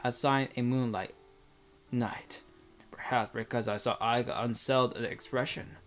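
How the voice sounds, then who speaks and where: A man's voice: medium pitch, steady tone, normal speed, faint music behind. A man reading a visual novel aloud with casual, rambling commentary full of fillers.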